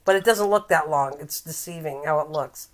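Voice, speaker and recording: A deep-voiced older woman from Canada hosts a casual live-stream chat, teasing her viewers and laughing often. At one point she reads a recipe aloud, haltingly.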